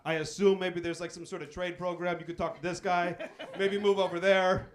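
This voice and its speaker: A man's voice: high voice, level tone, fairly quick. A man doing stand-up comedy in a club, teasing the audience with profane, riffing crowd work. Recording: live club recording with crowd. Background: audience laughter.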